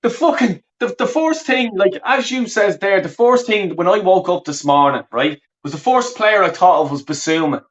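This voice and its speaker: Angry sweary guy, highish voice, dull lo-fi call sound. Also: lively intonation, moderate pace, few pauses, slight background noise.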